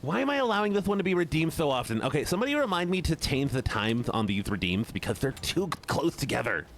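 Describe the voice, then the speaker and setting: A man's voice: fairly high pitch, very animated, fast talker, slight background noise. A man, a streamer and voice actor, chatting casually with his viewers while playing a game. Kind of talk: casual gaming livestream chat.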